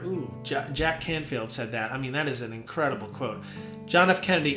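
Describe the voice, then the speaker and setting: A man, a worship leader, hosting a casual devotional talk from his home studio, relaxed and rambling with many fillers. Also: medium pitch, fairly quick. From New Jersey. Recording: roomy studio with soft guitar.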